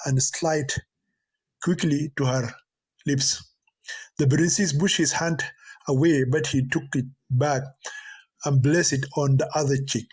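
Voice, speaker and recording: A man narrating a story aloud, halting and restarting over words. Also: on the high side, darkish tone, slightly rough. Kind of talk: storytelling reading.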